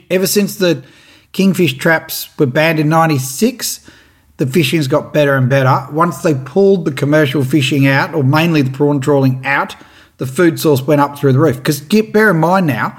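An Australian man telling a lively fishing story and giving tips, acting out what others said. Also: on the high side. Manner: animated, acts out what others said. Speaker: fishing presenter.

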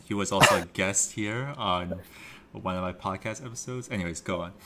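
A man's voice: low voice, moderate pace, bright, forceful tone. A man hosting a podcast, dropping short replies and laughing along with his guest. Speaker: podcast host. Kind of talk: casual interview chat.

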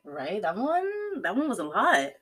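A young woman co-hosting a podcast, chatting casually and reading text exchanges aloud in a flat voice. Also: medium pitch, unhurried, breathy edge. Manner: reads out text dialogues in a flat voice, laughs often. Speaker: podcast co-host. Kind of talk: casual chat.

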